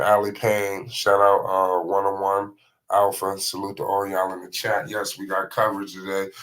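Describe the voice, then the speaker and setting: A man calling basketball play by play on a livestream, excitable and slangy, naming every pass. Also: deep voice. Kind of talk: live play-by-play commentary.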